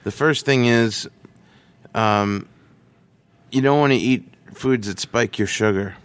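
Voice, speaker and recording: A man telling a story as an interview guest in a casual, animated way, slipping into the voices of the people he quotes. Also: lowish voice, slow pace, clean tone, dry recording.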